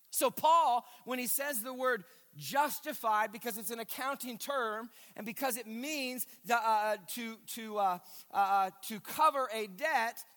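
High, bright-voiced pastor preaching. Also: male voice. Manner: emphatic, repeats key phrases, stammers on restarts; addresses the congregation directly. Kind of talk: sermon. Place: church sanctuary. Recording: long reverb of a large hall.

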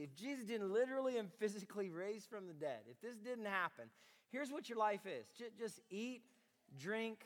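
A man preaching a sermon to a congregation, swinging from quiet conversational talk to loud shouting. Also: high voice. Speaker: pastor. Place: large room with congregation. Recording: long hall reverb.

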